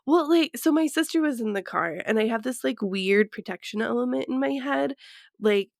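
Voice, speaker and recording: A woman's voice: fairly high pitch, lively intonation, moderate pace, vocal fry, dry recording, studio quality. A woman in her thirties from Colorado, a podcast co-host, talking frankly and profanely in casual chat and laughing often.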